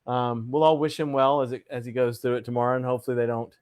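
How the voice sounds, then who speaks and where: A man's voice: mid-range voice, fairly even intonation, quick pace, a little mellow, clean tone. Casual livestream host, man, playful announcer flourishes, reads chat aloud. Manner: playful showman greetings, reads viewer comments aloud. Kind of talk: casual live chat show.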